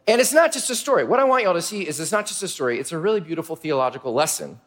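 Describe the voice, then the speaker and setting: A male pastor telling a Bible story to children in an energetic, playful way, often asking the audience questions. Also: fairly high pitch, racing.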